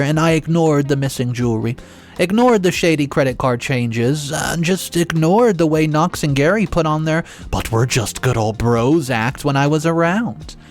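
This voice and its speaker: A man narrating a dramatic first-person story in a sarcastic, exasperated and animated way. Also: a little high.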